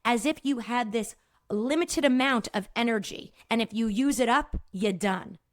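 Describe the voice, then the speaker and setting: A woman who works as a movement practitioner, hosting her own podcast and talking directly to listeners in an emphatic, energetic way. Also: fairly high pitch, normal speed, dry recording, clean studio sound. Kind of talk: solo educational podcast talk.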